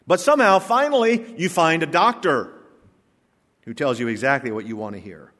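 A man's voice: fairly high pitch, lively intonation, normal speed, a bit bright. A male pastor giving a sermon, preaching emphatically with joking asides in a church sanctuary. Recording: long reverb of a church hall.

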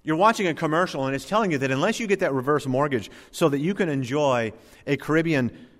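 A man's voice: on the high side, fast. A man preaching a sermon, earnest, building emphatic lists. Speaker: pastor. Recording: long hall reverb.

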